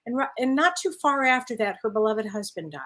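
A woman's voice: a little high, expressive, brisk, a bit bright, low-quality recording. Affirming woman medium chatting. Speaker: spiritual medium, co-host. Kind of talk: casual chat.

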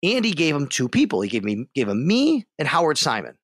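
A man's voice: on the high side, brisk, dry recording, studio quality. A man, a sports radio host, telling a story as a podcast guest and acting out the other voices. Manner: animated, acts out the other voices in his story.

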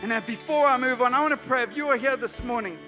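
A man from South Africa preaching a sermon as a pastor, moving from hushed pleas to loud urgent calls. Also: very high voice, quick pace. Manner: emotional, swings from hushed to shouting. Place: church hall. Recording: church hall reverb with soft music.

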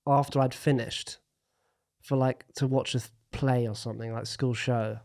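A man's voice: mid-range voice, fairly even intonation, moderate pace, gravelly, darkish tone. A British man hosting a podcast, chatting casually and jokily with his mum and a guest, swearing now and then. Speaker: podcast host. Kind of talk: casual chat.

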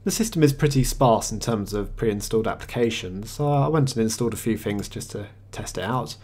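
A man with a somewhat low, slightly husky voice talks through a software review over a screencast. He stays matter-of-fact and conversational, with the odd hesitation as he clicks through menus. He sounds like he is recording at his own computer's microphone. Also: a little fast. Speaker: tech reviewer.

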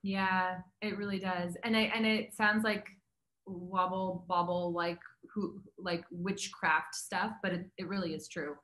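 A woman's voice: fairly low pitch, level tone, measured pace, fairly bright tone. Chatty woman in a roomy room. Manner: chatty, upbeat, lots of fillers. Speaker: health coach guest. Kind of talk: casual interview chat.

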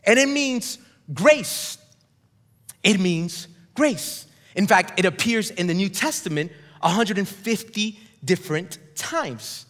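A high-pitched male pastor preaching with emphatic, rising intensity. He calls on the congregation to repeat words after him. His voice rings through a large church hall with a long reverb tail. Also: fairly bright tone. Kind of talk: sermon.

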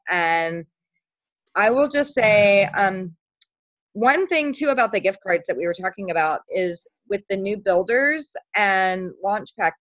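A woman calling in to a team call, speaking earnestly and gratefully with soft trailing ends. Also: on the low side, dry recording, lo-fi sound. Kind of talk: casual chat.

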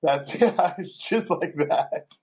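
A podcast co-host with a fairly high, slightly rough, darkish voice talks slowly but with lively intonation. In casual chat he tells crude stories, swears freely, and laughs often, coming across as a joking storyteller.

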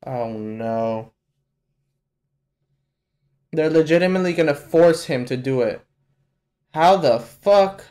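A man hosting a live anime reaction, talking casually and profanely, with sudden loud exclamations at what he sees. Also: on the high side, normal speed. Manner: casual slangy talk to the viewer. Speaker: reaction channel host.

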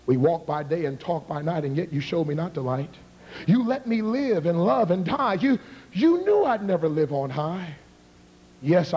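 A man in his thirties preaching a revival sermon and leading an altar call, swinging from hushed whispers to shouted appeals. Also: on the high side, husky, dull audio. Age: 30s. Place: large church with balcony. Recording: long reverb of a large hall.

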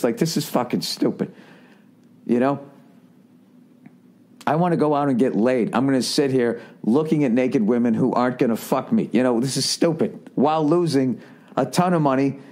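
A man hosting a solo podcast, telling profane, animated stories in a comedic rant full of fillers. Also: mid-range voice. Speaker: podcast host.

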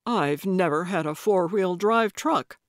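A woman's voice: on the low side, measured pace, dry recording, clean studio sound, natural voice. A woman voicing an old man, terse at times and easily delighted. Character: cheerful old man, theme park fan.

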